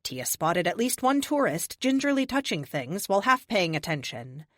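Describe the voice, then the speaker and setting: Expressive woman audiobook narrator. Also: fairly low pitch, normal speed, no echo, studio quality. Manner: steady, expressive storytelling. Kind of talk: scripted narration.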